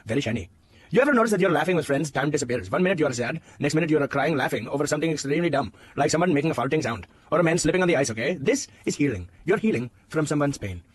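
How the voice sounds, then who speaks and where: A man's voice: very high voice, a little mellow, no echo, heavily acted. A man voicing an overly earnest, rambling male self-help guru who talks in broken grammar and swoops dramatically. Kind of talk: comedy sketch character monologue.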